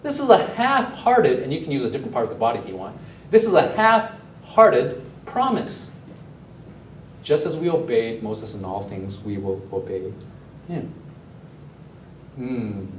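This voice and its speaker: A man's voice: mid-range voice, a little hiss or hum. Man preaching in an echoey church. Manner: animated, asks the congregation questions. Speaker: pastor. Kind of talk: sermon. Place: church sanctuary, also streamed online. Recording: roomy echo, mic at a distance.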